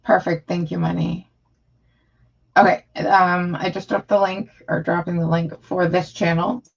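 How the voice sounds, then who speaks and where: A woman's voice: on the low side, level tone, a little slow, creaky, muffled recording. A woman chatting casually on her live stream, rambling and frustrated, with lots of fillers.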